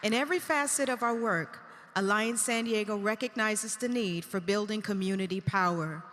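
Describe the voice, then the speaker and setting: Woman emcee, measured scripted intros, hall reverb. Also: medium pitch, a bit bright. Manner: measured formal reading. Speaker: event emcee. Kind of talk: scripted stage announcements. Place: event hall stage.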